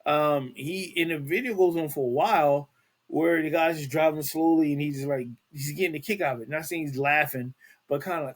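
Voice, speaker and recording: A man's voice: fairly high pitch, brisk. A man hosting a casual celebrity news podcast, talking in a rambling way with many restarts and fillers. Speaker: podcast host.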